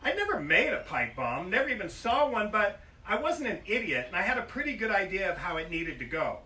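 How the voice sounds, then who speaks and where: At a bookstore event, an older man reads aloud from his own memoir in a brisk, sharp, high voice with big pitch swings. He is profane and self-mocking, drifting into comic tangents, and is heard from far off in an echoey store room.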